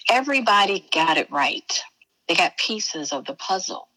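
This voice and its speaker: Very animated and sharp-toned, this woman's mid-range voice runs at normal speed over a low-quality recording. She's a spiritual teacher from Chicago, USA, appearing as a guest in a casual interview chat. She's emphatic and folksy, using baby and honey for the listener.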